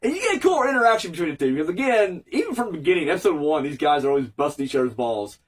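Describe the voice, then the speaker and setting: A man's voice: on the high side, big pitch swings, very fast, distant mic. A man with a cold giving a casual, rambling, sweary recap review of an episode, full of fillers. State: fighting a cold.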